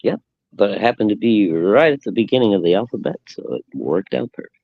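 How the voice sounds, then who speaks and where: A man's voice: on the low side, animated, fairly quick, creaky, no echo, narrow, tinny audio. A man co-hosting a live stream show, giving brief, easygoing replies in casual chat.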